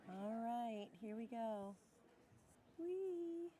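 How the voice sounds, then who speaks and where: A woman's voice: on the high side, lively intonation, very slow, warm tone. A woman speaking to a live audience in an effusive, emotional way. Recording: clip from a live event with crowd and music.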